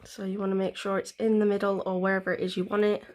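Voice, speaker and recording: A woman's voice: medium pitch, flat delivery, fast, a little mellow. A woman vlogger, explaining a nail tutorial in a chatty, rambling way with plenty of fillers. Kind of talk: casual step-by-step tutorial.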